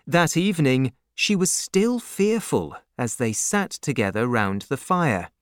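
A male audiobook narrator who tells the story slowly, with a lively, expressive rise and fall in pitch. The sound is close and dry, with no room around it. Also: no room sound.

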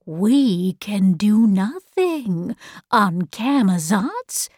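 Woman reader as a wise old otherworldly lady in a storybook, measured and very slow. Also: mid-range voice, dry recording, clean studio sound, full character voice. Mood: calm. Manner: calm, measured.

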